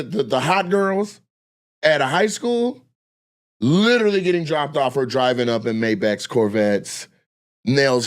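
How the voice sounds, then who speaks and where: Young man, slightly higher-pitched voice, profane storyteller who acts out the voices of the people in his stories. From Washington State, USA. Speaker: guest storyteller. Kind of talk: casual storytelling chat.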